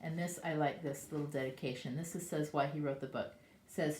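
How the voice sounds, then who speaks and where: A woman as a preschool teacher reading a picture book to young children and asking them questions, in an animated way. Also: lowish voice, moderate pace. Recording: echoey room.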